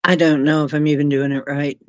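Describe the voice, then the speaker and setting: A woman's voice: deep voice, level tone, fast, no echo, lo-fi sound. A woman hosting a live stream, chatting casually with viewers and giggling often. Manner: giggly, laughs often while reading chat.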